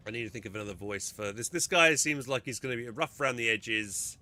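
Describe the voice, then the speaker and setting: A man's voice: medium pitch, bright, forceful tone. A man streaming a game, chatting casually and thinking aloud, his voice sounding strained. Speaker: gaming streamer.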